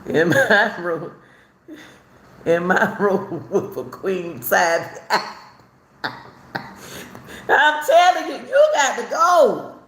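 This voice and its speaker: A middle-aged woman from Chicago tells her own story in a casual, animated way, laughing often and repeating herself. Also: medium pitch, very slow, long pauses. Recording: roomy echo, faint ambience.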